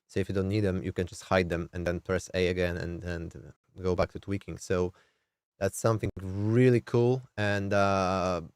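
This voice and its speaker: A man's voice: deep voice, steady tone, normal speed, clear, resonant tone, no room sound, studio quality. A man with a nasal, somewhat strained voice, casually explaining music production on a live stream, thinking aloud with many fillers. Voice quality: nasal, throat-squeezed.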